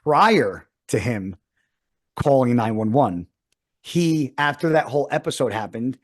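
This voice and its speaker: A man's voice: mid-range voice, expressive, unhurried. A man in his thirties, a podcast host, telling a rambling story in casual chat and swearing often.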